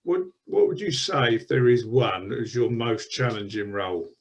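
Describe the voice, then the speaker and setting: A man's voice: fairly low pitch, normal speed, dull audio. A man interviewing a longtime theatre member, asking questions in a friendly, encouraging way. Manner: friendly, encouraging, laughs easily. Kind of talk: conversational interview.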